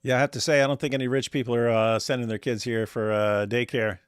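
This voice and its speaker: A man's voice: mid-range voice, flat delivery, quick pace, clear, resonant tone, no echo, studio quality. A man hosting a casual reaction commentary, telling rambling stories with jokes and sarcasm. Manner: rambling, joking, sarcastic storytelling. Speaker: commentary host.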